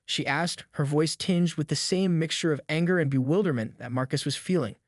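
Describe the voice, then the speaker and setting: A man's voice: a little high, fairly quick, dry recording, studio quality. A man reading a dramatic story as a narrator in a scripted way.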